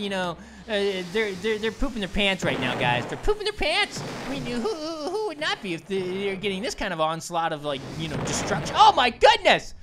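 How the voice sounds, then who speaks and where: Woman voicing an excitable cartoon grape gamer. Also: a little high, background noise. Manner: excitable, exclaims and laughs, cartoonish. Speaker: gaming channel host. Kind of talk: let's play commentary.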